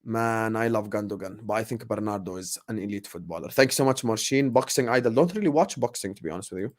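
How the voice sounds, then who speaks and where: A man in his late twenties, who grew up partly in the UAE, hosts a loose live Q&A for his YouTube football channel. Speaking quickly in a fairly low pitch, he's animated and chatty, warmly thanking viewers, riffing on their questions, and often repeating a line twice.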